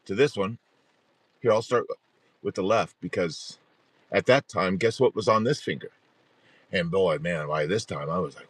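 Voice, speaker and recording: Animated, rambling middle-aged man. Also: fairly low pitch, dry recording. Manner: animated, rambling storyteller who restarts sentences and laughs at himself. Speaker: host of a support group livestream. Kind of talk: casual storytelling on a livestream.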